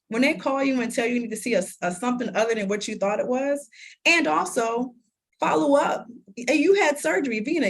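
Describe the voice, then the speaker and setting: A woman in her thirties, an interview guest, telling a personal story in lively conversation, laughing often and acting out what people said. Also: a little high. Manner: animated, laughs often, acts out quoted dialogue.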